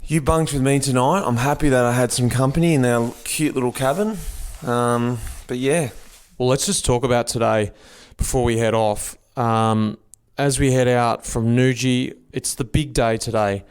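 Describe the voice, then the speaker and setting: A man's voice: mid-range voice, moderate pace, few pauses, clean tone, no echo. Chatty Australian man on a ride. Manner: chatty, matey banter. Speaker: podcast host. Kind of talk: casual on-the-road chat. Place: outdoors on a bike ride.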